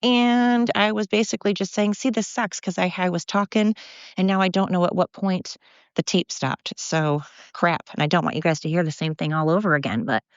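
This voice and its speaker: Low-voiced woman host, blunt fired-up solo rant, lo-fi phone sound in a dead room. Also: normal speed, clean tone, no echo. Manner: blunt, fired-up ranting with profanity and self-mocking asides. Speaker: podcast host.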